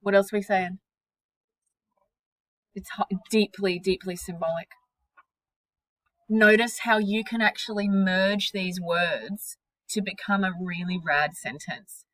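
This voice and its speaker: A woman teaching a classroom lesson, speaking slowly and deliberately. Her voice sits in a middle register and is recorded close and dry, with no room sound. She questions her students energetically and drops casual slang. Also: medium pitch, a bit bright, dry recording, poor audio.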